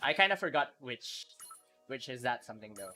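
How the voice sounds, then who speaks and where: A man live-streaming a video game, chatting casually with viewers, excitable and quick to laugh. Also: medium pitch, soft background music.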